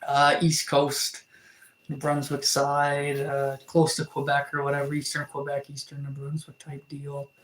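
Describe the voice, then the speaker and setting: A man's voice: a little high, monotone, unhurried, fairly bright tone. A young Canadian man chatting casually on a live stream, rambling with lots of fillers and restarts while reading out comments. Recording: roomy echo.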